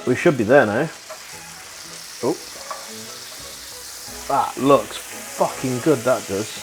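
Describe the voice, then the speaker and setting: A young man talks his way through cooking in a home kitchen, chatty and rambling, with the odd casual swear. Food sizzles in a pan while music plays clearly behind him. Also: medium pitch, animated, slow pace, rough recording. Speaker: vlogger. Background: frying sizzle and music.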